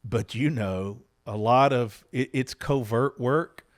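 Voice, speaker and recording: Middle-aged male host, earnest and reflective, medium pitch. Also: slow. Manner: earnest, reflective and openly heartfelt. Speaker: podcast host. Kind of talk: candid conversation with his spouse.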